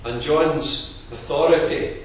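A man delivers a sermon in a measured, earnest way, explaining the text point by point. His voice sits at an everyday pitch and carries a heavy echo. It sounds recorded from a distance in a large hall, with faint room noise underneath. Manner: measured, earnest expository preaching. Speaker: preacher.

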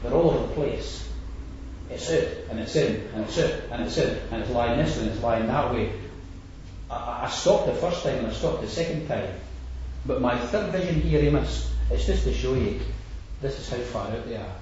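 A man's voice: medium pitch, expressive, moderate pace, a little mellow, slight background noise. A man preaching an expository sermon, stressing points and repeating phrases as he builds. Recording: echoey hall, distant dull lo-fi mic.

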